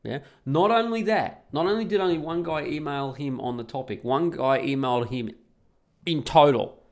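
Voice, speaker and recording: Blunt sweary man with a gravelly voice. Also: fairly high pitch, normal speed. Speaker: podcast host. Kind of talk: solo podcast rant.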